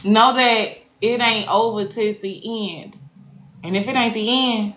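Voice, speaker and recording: A woman's voice: a little high, fairly even intonation, unhurried, fairly bright tone, soft background music. A woman spiritual life coach closing a live stream, slangy, affirming and profane, repeating phrases for emphasis. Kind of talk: live-stream sign-off to followers. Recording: echoey room with faint background noise.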